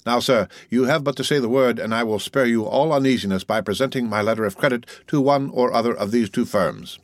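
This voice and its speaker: A man reading the part of a cold, suave, gentlemanly wealthy count, in a coolly ironic, unhurried manner. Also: mid-range voice, no echo, studio quality, lightly acted. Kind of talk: audiobook character reading.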